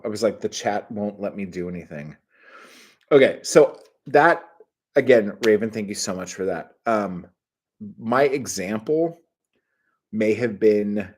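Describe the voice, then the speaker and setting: A middle-aged man hosting his own livestream, chatting casually, rambling and swearing with sudden bursts of excitement. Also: lowish voice, breathy edge. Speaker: channel host.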